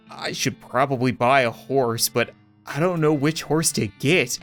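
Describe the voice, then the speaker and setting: A man hosting a casual game playthrough, rambling and joking with quick asides. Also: mid-range voice, a bit bright, soft background music. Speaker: gaming video host. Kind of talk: casual let's-play commentary.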